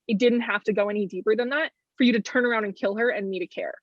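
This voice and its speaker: A young woman with a slightly high, husky voice rants her way through a casual movie review. She's animated and sarcastic. The recording sounds dull and lo-fi. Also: quick pace, dry recording. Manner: animated, sarcastic, acts out characters' lines. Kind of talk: casual chat.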